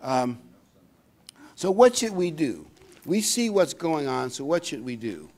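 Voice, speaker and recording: An older man preaching a sermon in a folksy, conversational way, reading scripture aloud and pausing to find verses. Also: a little high, very animated, darkish tone. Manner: pauses often with fillers to find verses. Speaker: pastor.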